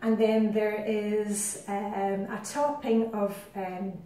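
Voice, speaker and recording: A woman's voice: medium pitch, little pitch movement, slow pace, mellow. A middle-aged woman with a Scottish accent, chatting her way through a home cooking demonstration with rambling asides. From Scotland. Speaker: cooking vlogger. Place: home kitchen. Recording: very echoey kitchen, distant mic.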